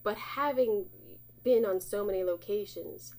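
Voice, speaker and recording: A woman's voice: mid-range voice, measured pace. Chatty woman host, playful, acts out what people say, laughs a lot. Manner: lively, acts out quoted lines, laughs often. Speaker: podcast host, set decorator. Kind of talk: casual chat.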